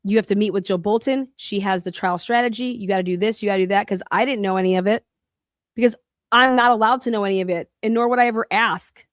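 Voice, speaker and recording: A woman's voice: medium pitch, quick pace, no echo, studio quality. A woman podcast host delivering a heated, profane rant in an angry monologue.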